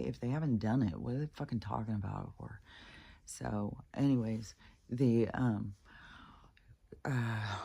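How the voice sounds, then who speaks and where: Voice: mid-range voice, creaky, warm tone, husky. A spiritual vlogger ranting in a loose, rambling monologue, swearing often and restarting sentences, with laughs between sentences. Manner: profane, ranting, full of fillers and restarts.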